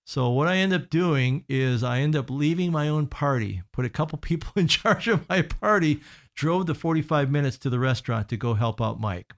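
A middle-aged man, a guest consultant on a radio talk show, telling workplace stories in an earnest, halting way with many restarts and fillers. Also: a little high, expressive. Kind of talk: casual radio storytelling.

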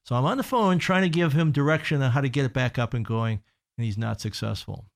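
A middle-aged man, a guest consultant on a radio talk show, telling workplace stories in an earnest, halting way with many restarts and fillers. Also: medium pitch, gravelly. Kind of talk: casual radio storytelling.

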